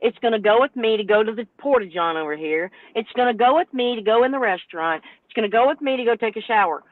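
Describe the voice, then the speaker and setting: An older woman, in her sixties, rants with animated exasperation as a trucker guest on a panel show. Her voice comes through thin and tinny, like over a phone line, with no room echo. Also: a little high, fast. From North Carolina, US. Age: 60s. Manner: animated, exasperated storytelling rant. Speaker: truck driver and owner operator, panel guest. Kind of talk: podcast panel discussion.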